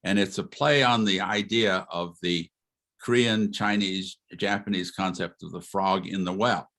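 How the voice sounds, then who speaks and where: An older man, a retired history professor, gives an informal lecture over a video call. He is animated, asks rhetorical questions and chuckles as he talks. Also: low voice, unhurried.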